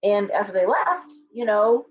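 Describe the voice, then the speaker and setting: A woman's voice: mid-range voice, big pitch swings, normal speed. A chatty middle-aged woman hosts a casual livestream and wanders from one thought to the next. She breaks off now and then to answer viewer comments. The stream audio is dull and lo-fi. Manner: chatty, digressive, talks back to viewer comments. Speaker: shop owner hosting a livestream.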